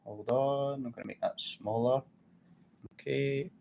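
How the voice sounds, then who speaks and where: A man's voice: mid-range voice, fairly even intonation, a little slow, gravelly, a little mellow. A man hosting a live trading stream, chatty and blunt, thinking aloud as he works. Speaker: trading livestream host. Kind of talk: casual live trading commentary.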